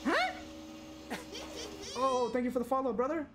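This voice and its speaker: A young man streaming a zombie game, reacting loudly with gasps and exclamations. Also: very high voice, moderate pace. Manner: excitable, loud reactions, frequent gasps. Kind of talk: live gameplay commentary.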